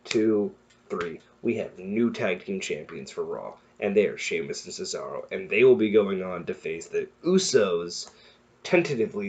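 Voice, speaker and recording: A young man giving a casual, excitable recap, rambling and correcting himself as he goes. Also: fairly low pitch. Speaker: wrestling recap vlogger. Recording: muffled lo-fi recording.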